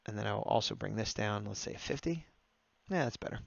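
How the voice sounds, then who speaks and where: A man's voice: on the low side, expressive, brisk, gravelly, dry recording. A man chatting casually on a livestream, narrating his drawing as he works and talking to his viewers, over dull lo-fi audio. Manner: chatty running commentary, often laughing at his own jokes. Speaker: livestreaming artist taking drawing requests.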